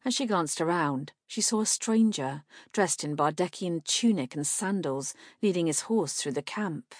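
An audiobook narrator with a lowish voice reads a fantasy novel aloud, her scripted narration steady and measured. The recording is dry and studio quality.

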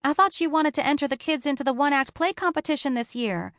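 An encouraging female best friend, as a woman narrator puts her on, bright and emphatic. The lines lift noticeably above the reader's own voice and land with energy. The recording is dry and close. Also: high-pitched, fast, no echo, pitched above the performer's own voice. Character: supportive upbeat female best friend, teacher. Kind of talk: audiobook character voice.

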